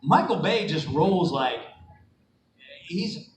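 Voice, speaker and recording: A middle-aged man at a convention panel is telling stories to fans with lots of energy, laughing and playing out the quotes. His voice sits a little high. He was recorded on a phone from far away in a big echoey hall with steady noise around him. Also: slow. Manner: animated, laughing, acts out quotes. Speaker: panel guest voice actor. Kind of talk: convention Q&A storytelling.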